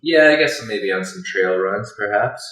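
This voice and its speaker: A man co-hosting a podcast in casual chat, talking quickly and often checking for agreement with "right?". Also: fairly low pitch, lively intonation, a bit bright, roomy sound, rough recording. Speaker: podcast co-host.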